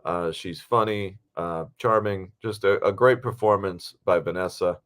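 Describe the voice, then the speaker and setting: A man's voice: low-pitched, a little slow, fairly bright tone. A man chatting casually as a podcast co-host, easygoing and rambling with plenty of fillers. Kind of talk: casual film podcast chat.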